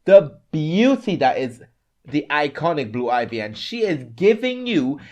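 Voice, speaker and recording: A young man co-hosting a podcast, gushing with dramatic excitement in casual chat. His voice rides up and down in a lively, wide-ranging sing-song. He talks like a devoted fan who can't contain himself. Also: on the high side, a little slow. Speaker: podcast co-host.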